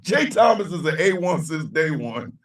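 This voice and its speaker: A man hosting a casual live-stream show, loud and laughing, heavy on slang. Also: on the high side, sing-song, normal speed, creaky, far from the mic. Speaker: host. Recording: echoey room, a bit off-mic.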